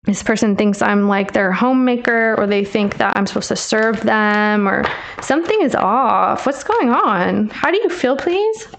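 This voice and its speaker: A woman's voice: mid-range voice, expressive, moderate pace, gravelly, slight background noise. Chatty woman doing a tarot reading. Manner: chatty, teasing, addresses listener as babe. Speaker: tarot reader.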